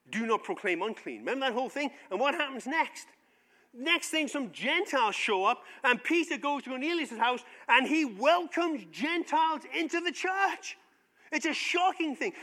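High, bright-voiced preacher in a reverberant hall. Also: male voice. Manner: animated storytelling, acts out biblical voices in casual modern speech. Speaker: pastor. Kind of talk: sermon.

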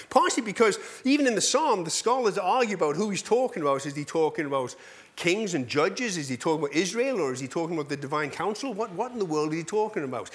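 A male pastor preaching a sermon in an animated, self-deprecating way, full of rhetorical questions. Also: high voice.

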